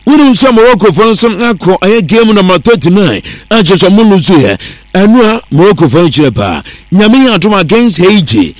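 Guy reading sports news on the radio, pretty high voice, dead dry studio sound. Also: dry recording. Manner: steady newsreader delivery, mixing English words into his talk.

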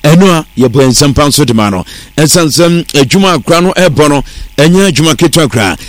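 A man reading sports news on the radio in a steady newsreader delivery, mixing English words into his talk. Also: fairly high pitch, a little fast, dry recording. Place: radio studio.

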